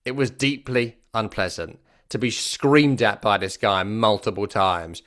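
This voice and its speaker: Here a football podcast host reviews a match in a casual, wry way, leaning on repeated phrases for emphasis. A regular on the microphone, he has a fairly low, slightly bright voice and a measured pace.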